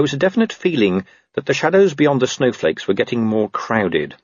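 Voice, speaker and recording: Male audiobook narrator, wry and animated; dry close mic. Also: medium pitch, moderate pace, no echo, highs cut off. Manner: lively, wry storytelling. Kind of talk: scripted narration of a comic fantasy novel.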